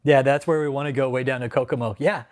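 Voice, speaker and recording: Pissed-off guy ranting on his livestream, cussing nonstop, yells then grumbles low. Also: fairly even intonation, quick pace. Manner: angry, profane ranting; swings from loud outbursts to low grumbling. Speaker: channel host. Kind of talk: livestream commentary, reading chat.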